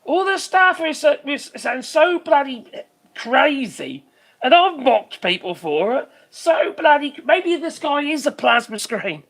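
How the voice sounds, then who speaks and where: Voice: high voice, lively intonation, measured pace, vocal fry, fairly bright tone. Exasperated streamer, swearing freely. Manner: swears freely, exasperated, trails off searching for names. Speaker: live stream host. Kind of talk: rambling live commentary.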